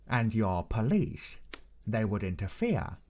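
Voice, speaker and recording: A man voicing an old, learned professor who speaks in a measured, earnest, persuading way in an audiobook reading. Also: fairly low pitch, big pitch swings, warm tone. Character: old learned male professor, grave and insistent.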